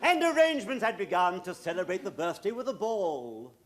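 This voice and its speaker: A man's voice: high-pitched, very animated, fairly quick, noisy background. A man playing a flustered, earnest male poetry reciter on a theatre stage, pleading and theatrical. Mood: reciting. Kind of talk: dramatic recitation. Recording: live theatre with audience laughter.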